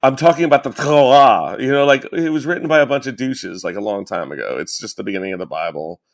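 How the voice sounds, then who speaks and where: A man co-hosting a comedy podcast in loose, irreverent chat. He gets excitable and crude, and his voice sits at a middling pitch. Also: fast, vocal fry. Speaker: podcast co-host.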